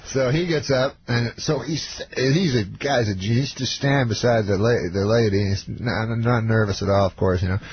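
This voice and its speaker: Canadian comic in his fifties, slow deadpan raconteur with fillers, mid-pitched, heard over a dull, noisy radio line. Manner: halting deadpan delivery with many fillers. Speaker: comedian guest. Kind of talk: storytelling on a talk radio show. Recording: dull radio broadcast with noise.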